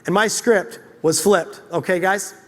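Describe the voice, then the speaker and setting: A man with a strikingly high speaking voice tells a motivational story to a live audience, animated and quick to joke at his own expense. His voice carries a long reverb from the hall he speaks in. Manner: animated, joking, self-deprecating. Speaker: speaker at a chiropractic event.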